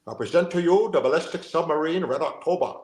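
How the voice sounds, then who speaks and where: A man doing an impression of a suave older Scottish film actor in a slow, deliberate, mock-grand manner. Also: on the high side, lively intonation, darkish tone, roomy sound.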